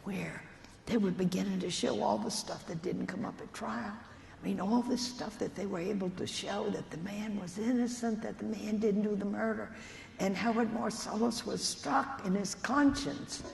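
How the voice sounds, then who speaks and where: A nun with a mid-range, creaky, slightly mellow voice gives an earnest storytelling keynote at a conference, speaking at a moderate pace directly to an audience of lawyers. The hall is echoey, with faint room noise.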